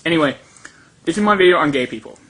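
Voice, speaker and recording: A man's voice: fairly high pitch, expressive, fast, fairly bright tone, husky. Crude, rambling young man ranting. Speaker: rant video maker. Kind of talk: casual rant video.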